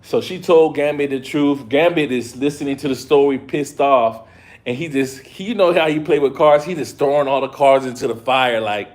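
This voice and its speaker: A man giving a casual live review of an episode, retelling scenes in an excitable, slangy way. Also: fairly high pitch, moderate pace. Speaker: show reviewer.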